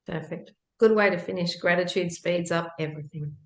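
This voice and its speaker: A middle-aged woman co-hosting a podcast, telling stories in a lively, emphatic way and laughing often. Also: lowish voice, brisk. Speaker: podcast co-host. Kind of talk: casual chat, anecdotal storytelling. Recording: echoey room.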